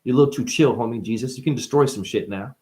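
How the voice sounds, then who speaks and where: A man's voice: fast talker, mellow, close to an everyday voice. A man doing a slangy, laid-back Shiva. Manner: casual, slangy, low. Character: imagined laid-back male Shiva, a rock star god.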